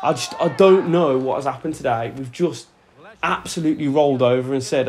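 A young man giving excitable, sweary commentary over a football video game, shouting at his players. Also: medium pitch, brisk, husky. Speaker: gaming YouTuber. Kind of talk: live gameplay commentary. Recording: faint music under voice.

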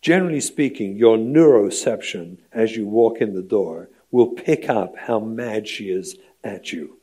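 Husky, mellow-voiced rabbi lecturing. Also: male voice, on the low side, measured pace. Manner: emphatic, rhetorical, often asks "right?". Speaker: rabbi lecturing on parenting and education. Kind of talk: training lecture to an audience.

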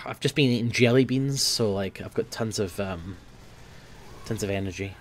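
A young man giving casual gameplay commentary, swearing often and grumbling at his team, quick to flare up. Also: on the low side, slight background noise. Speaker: gaming video host.

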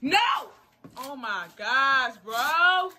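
High-pitched excitable young woman vlogger. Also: husky. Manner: excitable, exclaiming, slangy, quick to shout in frustration. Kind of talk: casual prank vlog talk to camera.

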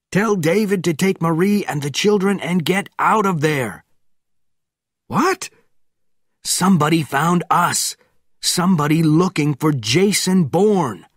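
A man's voice: on the high side, dry recording, studio quality, pitched above the performer's own voice. A man voicing an anxious middle-aged former spy with a limp, giving urgent commands in a storybook reading.

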